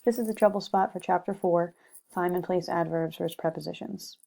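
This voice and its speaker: A woman's voice: lowish voice, steady tone, brisk, vocal fry, mellow. A young woman giving a recorded slide lecture on grammar, methodical, with frequent "okay" and "um". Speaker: teacher presenting a lesson.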